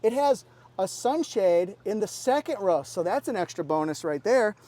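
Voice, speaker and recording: A man's voice: high-pitched, very animated, normal speed, mellow. A middle-aged man giving an upbeat, enthusiastic walkaround review of a car at a dealership, exclaiming as he points out features.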